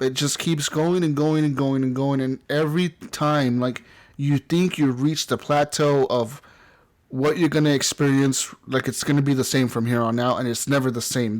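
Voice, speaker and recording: A man's voice: medium pitch, steady tone, normal speed. Casual male podcast host, enthusiastic and rambling, swears a lot. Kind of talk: casual chat about video games.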